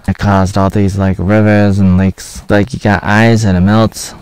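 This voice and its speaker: A man's voice: fairly low pitch, level tone, a little slow, darkish tone, smooth. A man in his thirties giving a loose, rambling spoken review of a series, full of fillers and half-finished thoughts. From United States (Oregon). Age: 30s. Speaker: video reviewer. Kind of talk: casual spoken review over footage.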